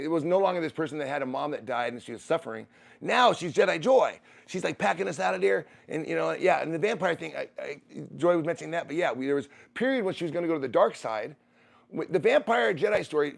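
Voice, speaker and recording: A man's voice: fairly high pitch, vocal fry. A middle-aged man who streams, telling a personal story in a rambling way, restarting and repeating phrases.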